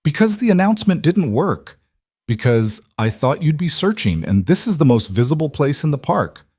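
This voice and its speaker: A man voices a desperate, tired single father defending himself in a panic. He pleads, his voice pushed up higher than the narration. It is recorded dry and close. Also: very animated, normal speed, a little mellow, husky, dry recording. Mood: pleading.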